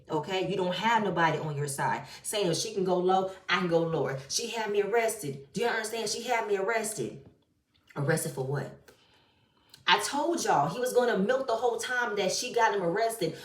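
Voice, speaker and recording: A woman's voice: medium pitch, far from the mic. A woman giving blunt, exasperated, profane commentary on a reality show in a casual style. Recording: roomy echo, voice a bit off-mic.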